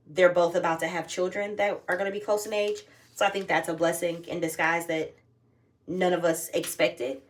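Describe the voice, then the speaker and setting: A woman's voice: on the low side, fairly bright tone, distant mic. A young woman talking casually and candidly to her phone camera at home, swearing freely as she tells a personal story. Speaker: vlogger.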